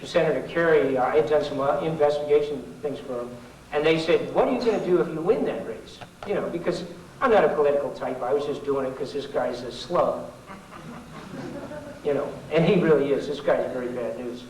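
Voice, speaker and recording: A man's voice: a little high, a little fast, darkish tone, slight background noise. A middle-aged man giving an informal political talk to an audience, folksy and sarcastic, rambling with asides. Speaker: public speaker. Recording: echoey 1990s hall recording from far off.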